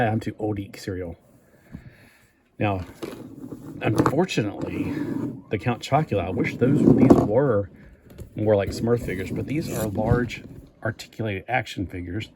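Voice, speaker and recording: A man's voice: lowish voice, normal speed, heavy background noise. A man chatting casually in a toy review vlog, rambling and thinking aloud as he goes.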